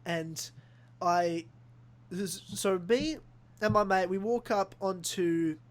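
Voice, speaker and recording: A young man from Australia, hosting a casual podcast and telling an animated story full of acted-out quotes and swearing. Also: sits high, takes it slowly. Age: young adult. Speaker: podcast host. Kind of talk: casual chat.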